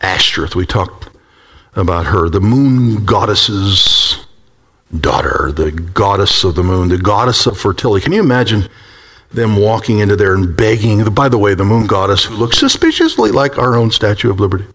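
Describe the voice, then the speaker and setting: A man preaching a sermon, swinging between high, urgent exclaims and hushed, low passages, and acting out the voices of prophets. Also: animated, moderate pace. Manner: acts out quoted prophets with a rising voice. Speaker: pastor.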